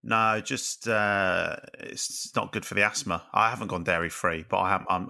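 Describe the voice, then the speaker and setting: A man's voice: deep voice, fairly even intonation, normal speed, vocal fry, bright, forceful tone. A man co-hosting a podcast, chatting casually with wry jokes. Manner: wry, joking. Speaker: podcast co-host.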